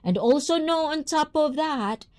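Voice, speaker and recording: Blunt, slow-talking woman streamer. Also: sits high, animated, darkish tone. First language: not English. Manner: blunt, unapologetic, reads viewer comments aloud. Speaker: livestream host. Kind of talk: casual talk with chat.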